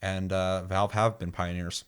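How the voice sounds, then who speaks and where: Animated ranting man, lowish voice. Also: unhurried, clean tone. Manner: animated, ranting, swears freely, acts out quotes. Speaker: podcast co-host. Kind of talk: casual chat about video games.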